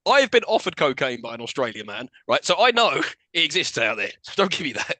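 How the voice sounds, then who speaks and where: A man co-hosting a film podcast in animated, incredulous casual chat, laughing often. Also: on the high side, fast talker, dry recording. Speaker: podcast co-host.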